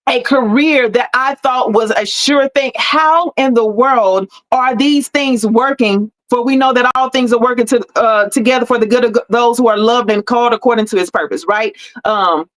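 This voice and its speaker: A woman's voice: on the high side, normal speed, few pauses. A woman hosting a motivational live talk with faith-forward encouragement, preaching and repeating key lines for emphasis. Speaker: host and life coach.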